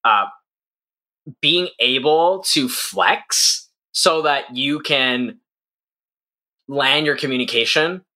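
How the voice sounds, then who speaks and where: Young male co-host, bright and clear, thoughtful and rambling, casual chat. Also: mid-range voice, slow pace, long pauses. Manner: reflective, many fillers and restarts. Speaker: podcast co-host. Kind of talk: casual conversation.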